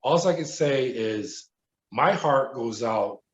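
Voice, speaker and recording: A middle-aged man, a former prison guard, recounting his experiences as a podcast guest in an animated storytelling manner. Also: mid-range voice, slow pace. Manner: animated storyteller who acts out quoted voices. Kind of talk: storytelling interview. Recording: roomy, dull remote audio.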